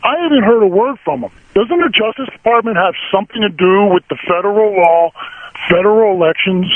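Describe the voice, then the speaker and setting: A man's voice: sits high, brisk, no room sound. Indignant older man on a tinny phone line. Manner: indignant, repeating his complaints in blunt short questions. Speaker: caller. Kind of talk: call-in to a talk radio show. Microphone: telephone.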